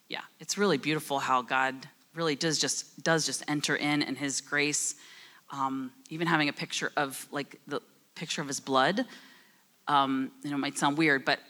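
A woman's voice: sits low, normal speed, a bit bright. A middle-aged woman with a New Jersey accent, talking freely and often laughing as a guest in a church panel conversation. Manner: talkative, chatty, laughs often.

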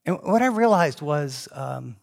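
A middle-aged man preaching a sermon as a pastor, a fast-talking and animated storyteller. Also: on the high side, vocal fry.

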